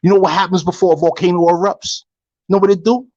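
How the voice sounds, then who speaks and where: A man's voice: high-pitched, fairly even intonation, fast talker, a little mellow, no room sound, lo-fi sound. A man on a heated live-stream call, ranting, repeating himself and swearing constantly. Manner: profane, heated, repetitive ranting. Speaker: guest on a live online panel.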